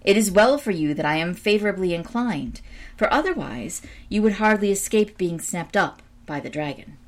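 A woman's voice: medium pitch, animated, normal speed, natural voice. A woman voicing a young princess who is a confident, knowing enchantress, in a storybook reading.

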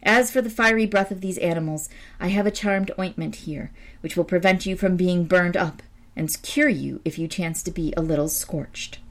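A woman's voice: lowish voice, moderate pace, natural voice. A woman voicing a young princess who is a confident, knowing enchantress, in a storybook reading.

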